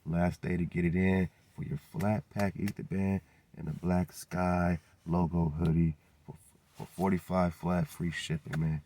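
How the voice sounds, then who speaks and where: A man's voice: sits low, flat delivery, measured pace, warm tone, a little hiss or hum. A man hosting his own radio show, talking in a preachy, hyped way, throwing "man" into nearly every line. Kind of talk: casual monologue with promo plugs.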